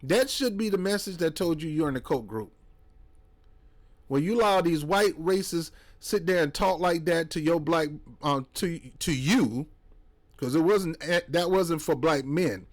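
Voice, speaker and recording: A man's voice: on the high side, unhurried. A man, giving a heated, preachy political monologue as a commentator. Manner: heated, preachy, mocking put-on voices.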